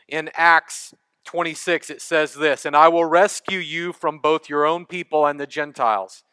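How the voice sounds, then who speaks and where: A man's voice: a little high, steady tone, normal speed, bright, forceful tone, clean tone, dry recording. A man with a Texan accent, a pastor giving a conversational sermon and talking directly with his congregation. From East Texas. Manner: conversational preaching, engages congregation.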